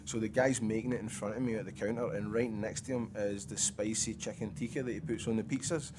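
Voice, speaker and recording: A man's voice: on the low side, fairly even intonation, quick pace, noisy background. A Scottish man telling a rambling, sweary story on a casual podcast, laughing often. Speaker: podcast co-host. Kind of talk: casual chat.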